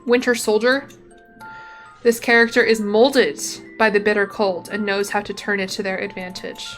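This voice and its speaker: A woman's voice: medium pitch, little pitch movement, normal speed, a bit bright, faint music behind. A woman streaming from her room at home, chatting playfully with her viewers and reading game text aloud into a desk mic. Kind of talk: casual gameplay commentary.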